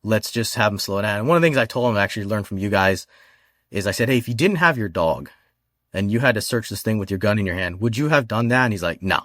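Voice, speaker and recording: A man as a podcast guest, in casual chat, telling relaxed stories and quoting what he told his handlers. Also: lowish voice, quick pace, no echo, studio quality. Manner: relaxed storyteller who quotes himself. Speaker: podcast guest, police dog trainer.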